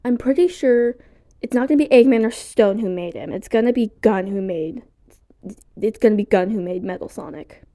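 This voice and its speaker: A woman vlogging at home in a rambling, casual way, excitable and easily sidetracked, and she swears casually. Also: medium pitch, moderate pace.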